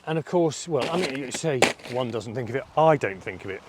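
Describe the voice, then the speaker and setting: Candid, halting middle-aged man. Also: mid-range voice, lively intonation, slight background noise. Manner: halting, candid and self-reflective. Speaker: vlogger. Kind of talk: personal reflective monologue.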